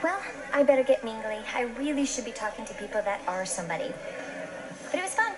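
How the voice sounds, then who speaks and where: An actress playing a shallow, self-absorbed young woman chattering brightly in a TV drama. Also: fairly high pitch, big pitch swings, quick pace, heavy background noise. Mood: bubbly. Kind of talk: TV drama acting. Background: show soundtrack music.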